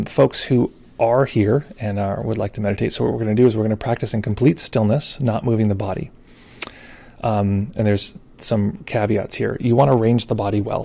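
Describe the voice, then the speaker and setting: Man, meditation teacher, informal explanation, husky voice, quick pace. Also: fairly low pitch. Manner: relaxed and informal, with frequent restarts. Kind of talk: explaining meditation in a live call.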